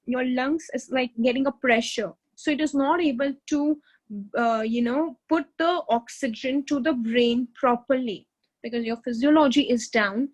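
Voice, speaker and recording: High-voiced woman coaching. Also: rough recording. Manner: earnest, explaining, repeats key words. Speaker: motivational speaker. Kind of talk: motivational self-help talk.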